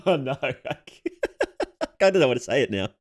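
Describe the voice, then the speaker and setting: A young male VTuber chats casually with his viewers while playing a game. His pitch moves around a lot. He laughs often, reads messages aloud and trips over his sentences before restarting them. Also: very animated, moderate pace. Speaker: VTuber streamer. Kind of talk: casual live-stream chat.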